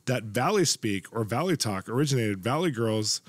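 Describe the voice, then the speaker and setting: A man at a middle pitch hosts a relaxed interview, playful and often laughing, his energy jumping up when he gets excited. The sound is close and dry, with no room around it. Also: moderate pace, no room sound. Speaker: host. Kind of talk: casual interview chat.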